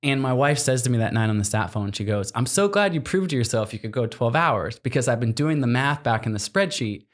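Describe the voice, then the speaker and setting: Animated man telling a story. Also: mid-range voice, fairly quick, few pauses. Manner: animated storyteller, acts out quotes, laughs often. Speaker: guest, explorer. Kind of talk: storytelling in a podcast interview.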